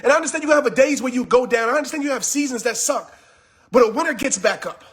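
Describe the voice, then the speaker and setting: A man giving a fired-up motivational talk on a live stream, yelling with intense, repetitive, preachy urgency, just after a workout. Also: very high voice, fast talker. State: just finished working out. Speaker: motivational speaker.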